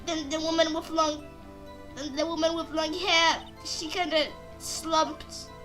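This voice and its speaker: A woman's voice: sits high, flat delivery, measured pace, a bit bright, soft background music. A woman doing a coy, bubbly young witness. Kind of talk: amateur game voice acting.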